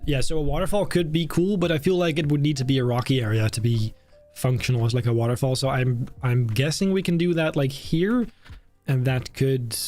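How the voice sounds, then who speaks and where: On this live stream, a young Brit works on building a theme park, thinking out loud, chatting casually, and making jokes at his own expense. His voice is a little high with a darkish tone, and faint music plays behind him.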